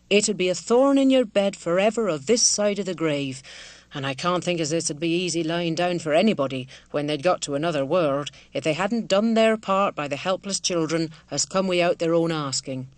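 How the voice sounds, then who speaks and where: A woman's voice: on the low side, no room sound, natural voice. A woman voicing a kindly, devout village wife in an audiobook, speaking in a homely country dialect in an earnest, motherly way. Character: kindly rural village wife, middle-aged, simple and devout.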